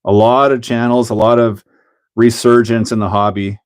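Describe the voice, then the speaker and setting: A middle-aged livestream host with a Canadian accent talks at a normal speed in a medium-pitched, level voice. While putting together a kit, he chats casually, cracks jokes, laughs often and reads chat messages aloud.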